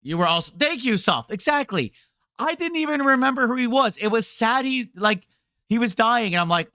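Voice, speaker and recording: A man's voice: very high voice, lively intonation, normal speed, sharp tone, clean tone, no room sound, studio quality. A man streaming a game, ranting to his chat in a rambling, sarcastic way. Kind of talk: casual game rant to chat.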